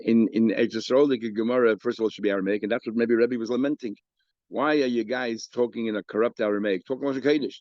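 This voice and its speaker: A male rabbi teaches a daily Talmud class at an even, ordinary pitch, explaining the text line by line. When he reads the quoted Aramaic passages, his voice rises in pitch and volume. The recording is dry and slightly dull, with no room sound.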